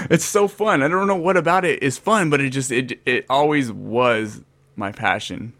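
Animated man in his thirties telling stories. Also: mid-range voice, moderate pace, no room sound. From California. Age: 30s. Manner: animated storyteller, acts out his own past lines. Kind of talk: casual chat.

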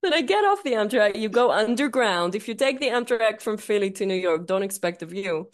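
A woman's voice: medium pitch, expressive, fairly quick. A young woman co-hosting a podcast, telling stories in casual chat, swearing freely and laughing often. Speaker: podcast co-host.

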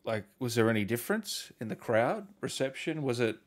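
Relaxed Australian interviewer. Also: male voice, mid-range voice. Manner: relaxed and easygoing, quick to laugh. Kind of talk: casual chat.

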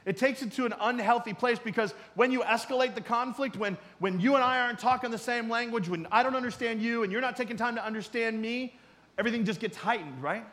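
A middle-aged man preaching a sermon in a conversational way, swinging from loud emphasis to quiet asides. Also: very high-pitched, fast talker, in a large hall. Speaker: pastor.

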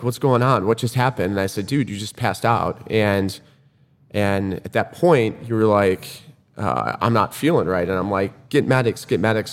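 Man, low voice, casual storytelling, quotes people, reverberant room. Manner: animated retelling, acts out quoted lines.

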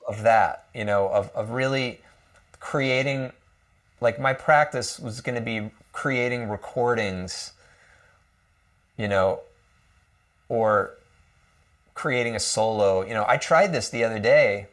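A man's voice: mid-range voice, takes it slowly, long pauses, a bit bright. A man from the United States, a guest musician, speaking casually and reflectively with lots of hesitations and fillers. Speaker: guest violinist. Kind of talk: casual conversation.

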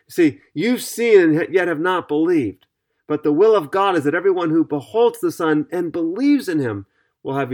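A man teaching on a podcast Bible study, reading scripture aloud and explaining it in an earnest, methodical way. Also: medium pitch.

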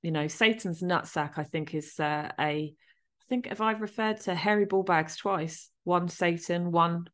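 Woman, 30s, candid podcast guest; blunt and profane, laughs at herself, slightly low voice. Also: a little slow, a bit bright. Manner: frank, sweary, self-mocking humour. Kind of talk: candid personal podcast talk.

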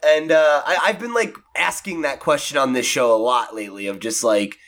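Bright-voiced man hosting a casual podcast. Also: mid-range voice, normal speed. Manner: relaxed, hesitant, lots of fillers. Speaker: podcast host.

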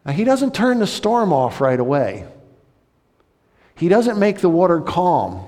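A male pastor preaching a sermon, dramatic, swinging between loud, high outbursts and hushed, low passages. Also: big pitch swings, unhurried. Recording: long hall reverb.

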